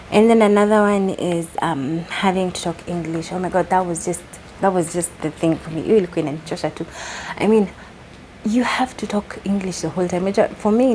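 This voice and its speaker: Young Kenyan woman, soft and mellow, chatty code-switching vlogger, faint noise behind. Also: on the low side, poor audio. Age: young adult. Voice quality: soft-spoken. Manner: chatty, switching between English and Sheng Swahili. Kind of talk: casual chat.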